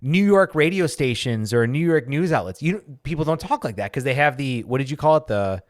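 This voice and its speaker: A man's voice: mid-range voice, expressive, a little fast, no echo, clean studio sound. A man hosting a casual podcast, talking loosely and jokingly and often restarting his sentences. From Michigan, USA. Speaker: podcast host.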